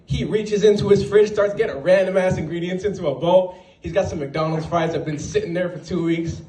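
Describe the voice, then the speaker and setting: A man performing a stand-up comedy set at an open mic, telling stories with quick asides. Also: high voice. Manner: animated storytelling with quick asides and put-on voices. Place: small venue at an open mic night. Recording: roomy sound, voice from a distance, faint background.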